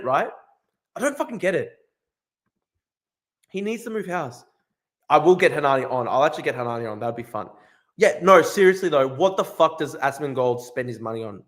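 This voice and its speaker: A man hosting a casual livestream, ranting in a profane, incredulous way and repeating himself. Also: a little high. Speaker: streamer host.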